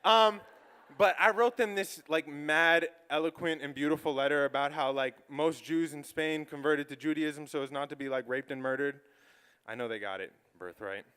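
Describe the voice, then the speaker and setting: A man's voice: fairly high pitch, normal speed, bright, forceful tone, clean tone. A man giving an earnest, confessional spoken-word monologue on stage, peppering his lines with "like". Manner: earnest, heavy use of "like" fillers. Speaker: solo stage speaker. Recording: long hall reverb.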